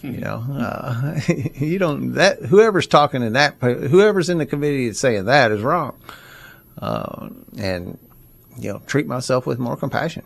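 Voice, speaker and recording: A man co-hosting a recovery podcast, speaking reflectively and haltingly, with many pauses and fillers. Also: mid-range voice, lively intonation, creaky. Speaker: podcast co-host. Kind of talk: casual recovery podcast talk.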